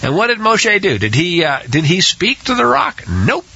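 A man's voice: sits high, wildly swooping pitch, normal speed, vocal fry, pushed and bright, slightly rough. A man teaching a scripture study, hesitant with many restarts and acting out the quotes, on a dull lo-fi recording. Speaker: Bible teacher.

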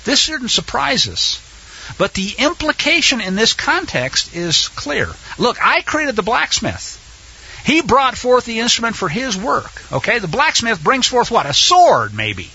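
A man preaching a fiery sermon, impassioned and sarcastic, sometimes shouting. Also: very high voice, sing-song, a little slow, breathy edge, muffled recording.

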